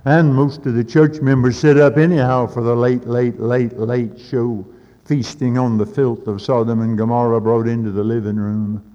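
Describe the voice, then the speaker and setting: A man preaching a sermon with fervent urgency, building to loud peaks and dropping in folksy asides. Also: medium pitch, level tone, normal speed. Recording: old lo-fi recording in a reverberant hall.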